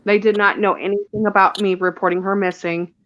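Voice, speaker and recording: A woman being interviewed about her missing daughter, speaking haltingly and often restarting her words. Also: medium pitch, flat delivery, a bit bright, no room sound, muffled recording. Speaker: guest, mother of a missing child. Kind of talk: emotional interview recounting events.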